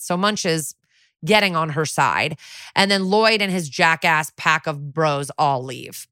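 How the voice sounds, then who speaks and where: Casting: young woman, lowish voice, chatty and profane podcast recapper, dry close sound. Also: bright, forceful tone, clean tone, no echo. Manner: chatty, profane, acts out quotes in quick voices. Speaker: podcast co-host. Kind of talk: casual episode recap.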